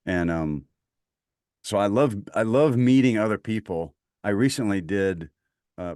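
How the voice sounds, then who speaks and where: Low-voiced Southern man, rambling chat. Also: a little mellow, no room sound, studio quality. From Mississippi, US. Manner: enthusiastic, rambling, many fillers. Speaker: podcast guest, voice actor. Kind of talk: casual conversation.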